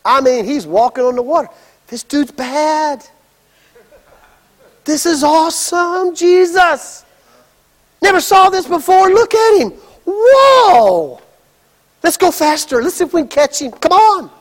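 A preacher doing giddy disciples, high and excited. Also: male voice, takes it slowly, pauses often, exaggerated voice. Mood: thrilled. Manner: excited exclaiming, high and carried away. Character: excited awestruck male disciples in a boat.

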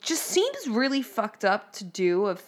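A woman's voice: medium pitch, wildly swooping pitch, unhurried. A woman co-hosting a podcast in casual chat, reacting with short interjections and adding her own comments. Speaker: podcast co-host.

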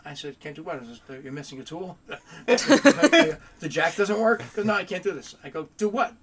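Animated man telling shop stories. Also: fairly high pitch, normal speed, a crowd in the background. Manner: animated storyteller, acts out dialogue. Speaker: body shop owner. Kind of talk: casual podcast chat.

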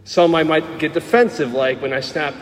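A middle-aged Catholic priest with a New Jersey accent, preaching a homily in a frank, lively storytelling way with touches of humor. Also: male voice, a little high, moderate pace. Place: church. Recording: echoey church hall, faint ambient noise.

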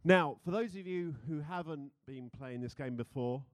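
A man's voice: a little high, normal speed, no echo, clean studio sound. A young British man preaching a sermon, playful and chatty, who laughs easily and leads the congregation in a game. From Britain. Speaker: pastor.

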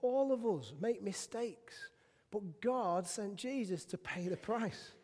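A middle-aged English preacher with a high, animated voice delivers a sermon. He mixes self-deprecating stories with sudden shouted proclamations. The sound carries a long church-hall reverb. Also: takes it slowly. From England. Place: church sanctuary.

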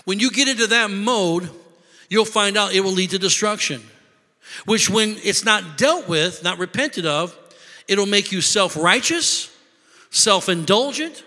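A man preaching a sermon, telling stories with lively voices and shouted lines for emphasis. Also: high voice, measured pace, long reverb tail. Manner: animated storytelling, shouting for emphasis. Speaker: pastor.

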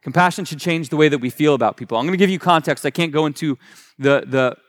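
Man, pastor, sermon, fairly high voice, casual conversational preaching, frequent restarts and self-corrections. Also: fast talker. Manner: retells scripture in casual paraphrase.

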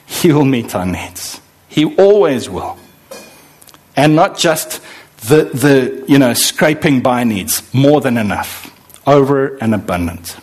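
A man's voice: medium pitch, animated, slow, long pauses, a little mellow. A middle-aged man preaching a sermon, emphatic, acting out the voices he quotes. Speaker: pastor.

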